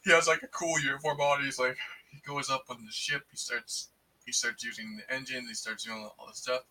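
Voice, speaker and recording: A man excitedly recapping a movie in casual, rambling speech full of fillers and restarts. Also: medium pitch, brisk, far from the mic, slight background noise, low-quality recording. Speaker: movie reviewer.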